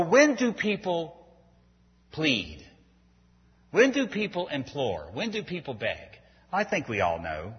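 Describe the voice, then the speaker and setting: A male pastor preaching with a very husky, breathy voice, moving from quiet earnestness to pleading emphasis. His voice rings through a church hall with a long echo, and the sound is dull and lo-fi. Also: mid-range voice. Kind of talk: sermon.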